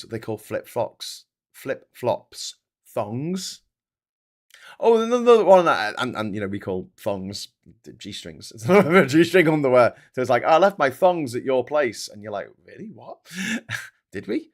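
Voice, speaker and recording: Man, casual livestream host, rambling, sweary, mid-range voice. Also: medium pitch. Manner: rambling and sweary, laughing at his own jokes. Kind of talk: casual chat reading viewer comments.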